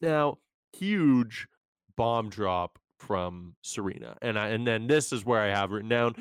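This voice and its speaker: A young man co-hosting a podcast, chatting casually and rambling in an animated, self-mocking way. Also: fairly low pitch, measured pace, smooth, dry recording. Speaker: podcast co-host. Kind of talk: casual recap chat.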